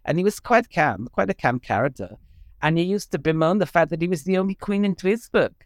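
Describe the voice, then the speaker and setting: A male actor and writer being interviewed, talking thoughtfully with frequent ums and lively swings in pitch. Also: brisk, dry recording, studio quality. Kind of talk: casual interview chat.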